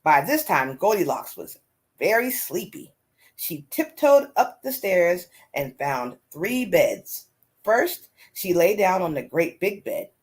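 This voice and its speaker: Woman reading a storybook, animated. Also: on the low side, slow pace. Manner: expressive and animated. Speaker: storyteller host. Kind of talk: reading a children's story aloud.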